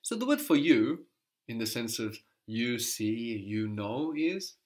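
Guy teaching a language class, patient, keeps asking questions and repeating, medium pitch. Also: slow. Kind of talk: guided language lesson.

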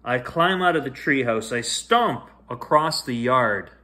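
A man reads a picture book aloud as a bedtime story, unhurried and gentle. His voice sits at an ordinary middle pitch, lifting into sing-song highs and sinking to soft hushed lines as the story moves. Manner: gentle, expressive reading with sing-song rises and hushed drops. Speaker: storyteller reading to children.

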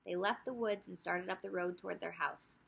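A woman's voice: lowish voice, fairly quick, creaky, fairly bright tone, breathy edge. A woman teacher reading a children's chapter book aloud, telling the story expressively with asides to young listeners.

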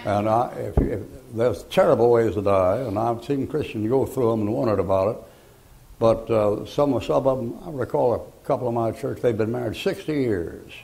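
Older man, gravelly voice, preaching, folksy stories, loud emphatic outbursts. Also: medium pitch, moderate pace, low-quality recording. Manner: folksy storytelling with sudden loud emphatic bursts. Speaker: pastor. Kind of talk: sermon.

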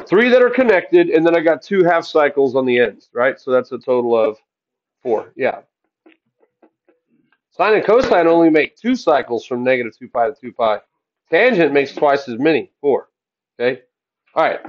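Heard in lo-fi sound, a man with a slightly high voice teaches math. He keeps the classroom lesson upbeat and joking, asking questions as he walks through the graphs.

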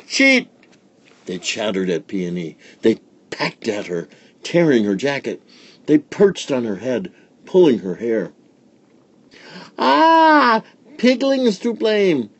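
A man reading a children's picture book aloud in a slow, deliberate storytelling manner. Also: mid-range voice, mellow, husky. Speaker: storybook reader.

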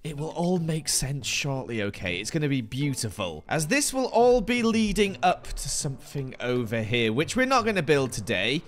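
A man with a hoarse, worn-out voice, narrating his game footage as a voice-over from home in a chatty, self-mocking, rambling way. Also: on the high side, big pitch swings, moderate pace, few pauses. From United Kingdom. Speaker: Minecraft video host. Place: at home, recorded later as voice-over.

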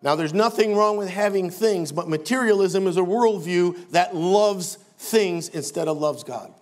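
Older pastor guy, kinda high voice, preaching hard with little jokes. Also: unhurried. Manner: emphatic preaching with wry asides. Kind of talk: sermon.

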